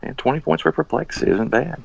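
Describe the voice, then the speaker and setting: A man co-hosting a podcast in casual chat about a game, chiming in with quick agreement. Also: a little high, gravelly, slightly rough, lo-fi sound. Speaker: podcast co-host.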